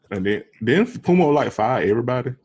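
A man's voice: medium pitch, darkish tone, husky, lo-fi sound. A man co-hosting a podcast in casual chat, laid-back, laughing along and swearing. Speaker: podcast co-host. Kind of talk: casual show recap chat.

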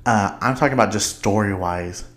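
An excitable young man hosts his own podcast in a loose, rambling chat, breaking into laughter and stacking up fillers as he goes. His voice sits on the low side for a man. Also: moderate pace. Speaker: podcast host. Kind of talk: casual chat.

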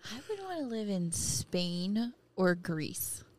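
A woman's voice: medium pitch, very animated, takes it slowly, a little mellow. A woman telling a funny story at a podcast dinner table, often breaking into giggles partway through her sentences. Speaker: host's wife, guest. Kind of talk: casual storytelling.

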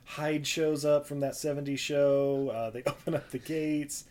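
A man's voice: a little high, flat delivery, unhurried, a little mellow. A man co-hosting a podcast, recapping a movie in a casual, rambling way with frequent laughter. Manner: chatty, laughs often, rambling asides. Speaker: podcast co-host.

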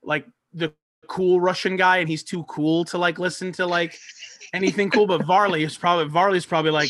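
A man's voice: sits high, fairly even intonation, fairly quick, a bit bright. A man hosting a podcast, chatting casually and joking in a laid-back way, often filling his speech with "like". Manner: laid-back, jokey, many fillers like "like". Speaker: podcast host.

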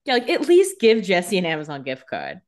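A woman's voice: fairly low pitch, huge pitch swings, brisk. A young adult woman co-hosting a podcast, chiming in with joking, sarcastic asides during a casual TV recap. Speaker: podcast co-host.

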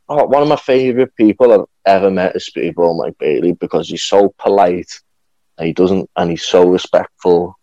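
A man's voice: sits low, mellow, no echo, highs cut off. A young man chatting casually as a podcast guest, rambling with lots of fillers and restarts. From England. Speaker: guest, professional wrestler.

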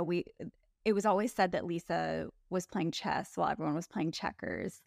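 Woman, young adult, low voice, gravelly fry, candid co-host. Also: dry recording, studio quality. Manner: opinionated, candid, mimics cast members. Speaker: podcast co-host. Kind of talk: casual recap chat.

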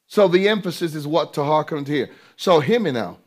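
A man's voice: on the high side, lively intonation, fairly quick, a little mellow. A man preaching a sermon, emphatic and drawn out, repeating phrases and throwing rhetorical questions to his listeners.

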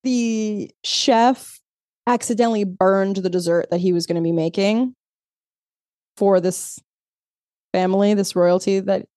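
A woman co-hosting a podcast, chatting casually. She swears freely and breaks into laughter. Her voice is mellow and relaxed, and it sits dry and close on the mic. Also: mid-range voice, a little slow, pauses often, no echo. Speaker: podcast co-host. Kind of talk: casual chat.

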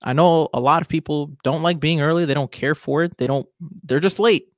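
A man's voice: a little high, fairly quick, no room sound, studio quality. A man in his twenties hosting a solo podcast, talking casually and with strong opinions. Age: 20s. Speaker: podcast host.

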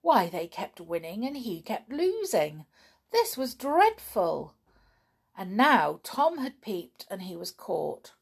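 A woman reading a children's story aloud, in an expressive, unhurried way. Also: mid-range voice, husky.

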